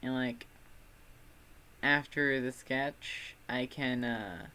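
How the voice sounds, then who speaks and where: A man's voice: medium pitch, fairly even intonation, very slow, bright, forceful tone, clear, resonant tone. A young man from Texas with a Texan accent, chatting casually on a livestream in a rambling, self-deprecating way. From Texas, USA. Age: student.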